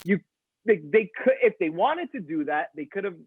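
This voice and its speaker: A man's voice: high-pitched, lively intonation, moderate pace, slight background noise. A young man co-hosting a casual movie review chat, often stammering and repeating his words. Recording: dry, phone-like sound.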